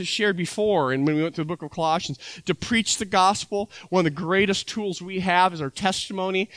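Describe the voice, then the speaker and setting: A man's voice: high-pitched, a bit bright, no echo. A man preaching a sermon as pastor, talking conversationally and acting out little dialogues with his listeners.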